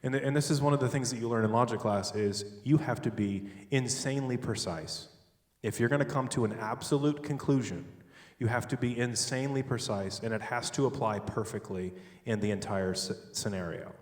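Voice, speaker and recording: A man giving a sermon-style talk on logic, animated and joking, with sudden loud stresses. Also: mid-range voice, fairly quick, distant mic. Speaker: speaker at a church. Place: large church hall. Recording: echoey hall, picked up from afar.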